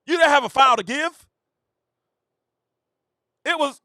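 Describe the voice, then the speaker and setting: A man with a strikingly high, bright voice rants through a sports reaction show. He swings his pitch all over, talks straight to his viewers and breaks into shouts and laughter. The sound is dry, with no room around it. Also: lively intonation, slow, long pauses, no room sound. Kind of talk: animated sports reaction rant.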